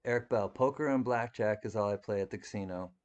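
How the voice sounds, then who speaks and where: Reading viewer chat on his live stream, a man talks fast in a low, darkish voice, and the sound is lo-fi. The conversation is casual and rambling. He laughs frequently and keeps restarting.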